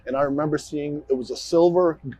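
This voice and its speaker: Cop guy walking investigators thru the scene outside, kinda halting, keeps restarting. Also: a little high, mellow, slightly rough. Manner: halting, repeats and restarts phrases. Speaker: police officer. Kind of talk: on-scene walkthrough interview. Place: outdoors by a roadside.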